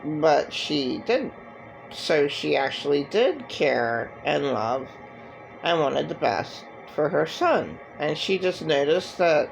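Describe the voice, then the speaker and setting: A man giving a halting, rambling personal monologue with many fillers and restarts. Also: on the high side, animated, creaky, muffled recording, faint music behind. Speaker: vlogger.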